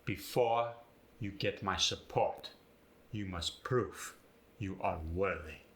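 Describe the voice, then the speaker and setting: A man doing a West African-accented voice that lands hard on every syllable, with rising tones on certain vowels. It is unhurried and bright-edged, and it sits in a roomy, echoey space. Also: low-pitched, slight background noise. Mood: demonstrating. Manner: slow, deliberate, stresses every syllable.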